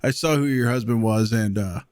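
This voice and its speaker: A man's voice: mid-range voice, moderate pace, darkish tone, no echo. A man in his thirties co-hosting a podcast, telling a story in a laid-back way, swearing often and laughing as he goes. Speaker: podcast co-host. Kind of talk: casual chat, storytelling.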